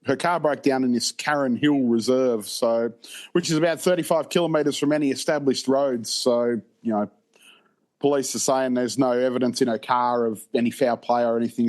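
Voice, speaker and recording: A man co-hosting a podcast, chatting casually. His voice sits at an ordinary middle pitch. He wanders through his points with plenty of fillers. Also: moderate pace. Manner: relaxed, rambling, many fillers. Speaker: podcast co-host. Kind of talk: casual chat.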